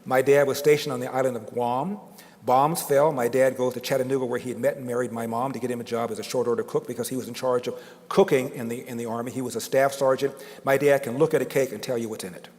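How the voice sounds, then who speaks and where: A man's voice: mid-range voice, fairly even intonation, fast, darkish tone. An older man giving a storytelling speech to an audience, dramatic and building emphasis through repetition. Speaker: guest speaker. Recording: long reverb of a large hall.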